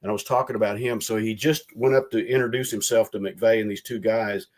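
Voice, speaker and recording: A man's voice: fairly low pitch, brisk. A man talks as a guest over a video call. He rambles through a story and slips into the voices of the people he quotes. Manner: rambling, retells quotes in a lively voice. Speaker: guest, former legislator.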